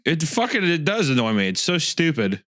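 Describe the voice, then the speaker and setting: Young male co-host, animated trivia reader, casual swearing, dry booth. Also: a little high, moderate pace, no echo. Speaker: podcast co-host. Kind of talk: casual comedic chat.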